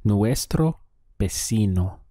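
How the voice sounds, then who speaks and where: A man with a low, mellow voice gives a language lesson at an unhurried pace. He speaks patiently and leaves pauses for the listener to answer, recorded dry and close. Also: animated, no echo. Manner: slow, patient, with drill pauses. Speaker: Spanish teacher.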